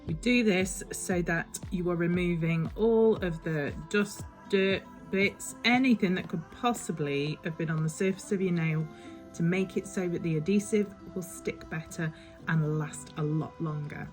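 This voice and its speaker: A woman's voice: lowish voice, a little slow, a little mellow, faint music behind. A woman talking through a step-by-step nail tutorial in a chatty, instructive way that sometimes rambles. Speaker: beauty vlogger.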